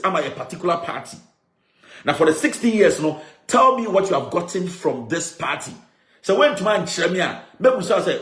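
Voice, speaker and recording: Ghanaian guy ranting hard about politics, combative, kinda high voice, echoey. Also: animated, a little fast, fairly bright tone. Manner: emphatic, combative, repetitive; mixes in Akan phrases. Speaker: media CEO and commentator. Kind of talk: political monologue.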